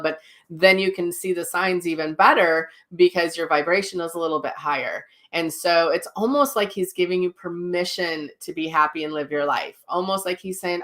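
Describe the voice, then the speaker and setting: A woman hosting psychic readings in a gentle, reassuring voice, full of ums and restarts, relaying messages in quoted voices. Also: on the low side. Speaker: psychic medium host. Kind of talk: live-streamed readings.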